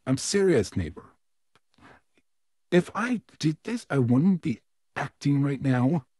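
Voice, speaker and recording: A smug, menacing puppet villain, voiced by a man, in a fan-made audio role-play. His voice is dark and husky, with a slow, drawn-out delivery that swoops up and down theatrically. The recording is dry and close. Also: fairly high pitch, big pitch swings, dry recording, full character voice. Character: evil male puppet neighbor, smug, menacing, easily flustered.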